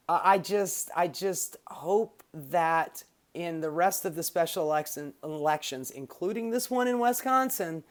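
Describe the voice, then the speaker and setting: A woman hosting her own political commentary show, ranting casually with sarcasm and swearing. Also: deep voice.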